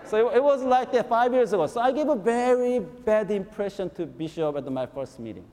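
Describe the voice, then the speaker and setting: High-voiced pastor preaching in a reverberant hall. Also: male voice, fairly quick. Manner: animated, repetitive storytelling with frequent rhetorical "right?". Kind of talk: storytelling sermon. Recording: long reverb in a large hall.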